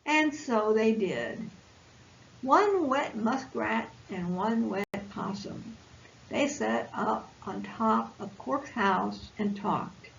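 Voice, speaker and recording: A woman reads a picture book aloud to small children at a very slow pace. Her pitch rises and falls a lot, with a gravelly edge. The recording is dull and lo-fi, with a faint hiss underneath. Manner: slow, expressive read-aloud voice. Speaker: volunteer storyteller.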